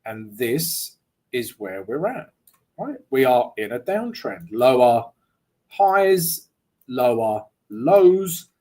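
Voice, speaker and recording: A man's voice: mid-range voice, sing-song, slow pace, a little mellow. A man walking viewers through his market analysis in a casual, chatty way, often tagging lines with "right?" and joking along the way. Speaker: trading analyst. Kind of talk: live market analysis walkthrough.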